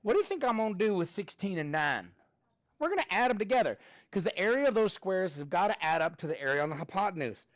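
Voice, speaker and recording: Energetic man teaching math, cheerfully quizzing a class in a high, animated voice. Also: quick pace, no room sound. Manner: upbeat, prompting students for answers.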